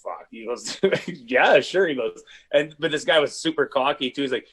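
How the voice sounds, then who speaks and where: A man's voice: mid-range voice, a little fast, few pauses, fairly bright tone, husky. A man telling rowdy stories in casual podcast chat, swearing often and laughing mid-story. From Saskatchewan, Canada. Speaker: podcast guest, comedian.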